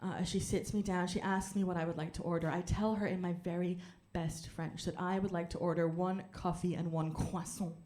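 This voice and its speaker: A young woman doing a stand-up comedy set on a club stage into a handheld mic, dry and deadpan, now and then breaking into loud, high mock-French theatrics. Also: fairly quick, hardly any pauses. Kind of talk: stand-up set with crowd work.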